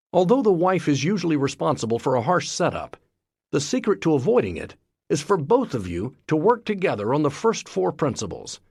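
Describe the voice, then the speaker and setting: A man reading a self-help book aloud as scripted narration, in a lively, expressive way. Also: fairly high pitch, gravelly, breathy edge, dry recording, clean studio sound. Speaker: audiobook narrator.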